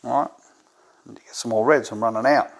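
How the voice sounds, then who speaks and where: A man's voice: mid-range voice, steady tone, brisk, creaky. A man with an Australian accent, hosting a tabletop game tutorial and thinking aloud, often checking in with "right?". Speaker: gambling strategy presenter.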